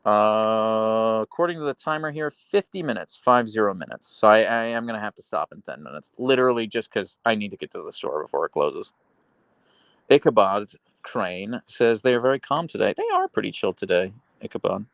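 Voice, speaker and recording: Live streaming from home in Seattle, a man with an expressive, creaky, fairly bright voice talks briskly, reading chat comments aloud and wandering from topic to topic. He switches to high-pitched baby talk for his dogs. The recording has no echo, but the highs are cut off.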